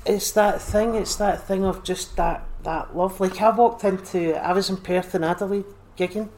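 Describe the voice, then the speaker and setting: Animated Scottish man telling stories. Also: high-pitched, normal speed. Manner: animated, repeats phrases, acts out quotes. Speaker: podcast guest, comedian. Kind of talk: casual chat, storytelling.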